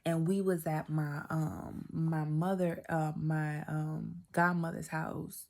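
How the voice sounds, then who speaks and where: A woman's voice: deep voice, flat delivery, takes it slowly, creaky, a little mellow. A woman vlogger sharing a personal faith testimony in an emotional, chatty way, talking straight to her viewers and sometimes dropping to a whisper. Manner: emotional, heartfelt storytelling, drops to a whisper at times; chatty, addresses viewers directly.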